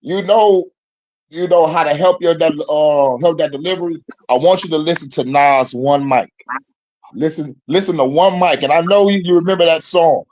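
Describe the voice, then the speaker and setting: A man with a high voice talks slangy and profane in a loose call, laughing easily. His sound is dull and lo-fi, like compressed call audio. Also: normal speed, a little mellow. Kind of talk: casual voice chat.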